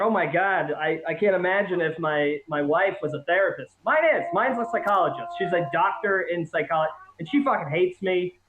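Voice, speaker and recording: A man's voice: high voice, echoey room, narrow, tinny audio. Rambling, profane stand-up man on a video call. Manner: self-deprecating, rambling, profane, laughs at own jokes. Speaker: stand-up comic. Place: home during quarantine.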